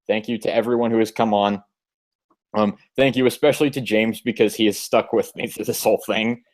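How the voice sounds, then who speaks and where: A man's voice: lowish voice, steady tone, brisk, a little mellow. A man hosting a podcast, chatting casually and rambling, with frequent restarts and self-deprecating asides. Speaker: podcast host.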